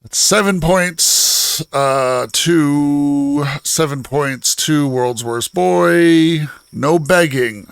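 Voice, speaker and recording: A man's voice: a little high, extremely slow, gravelly, smooth, no room sound. A man co-hosting a casual livestream podcast, riffing and laughing with his co-hosts and chat. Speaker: podcast co-host.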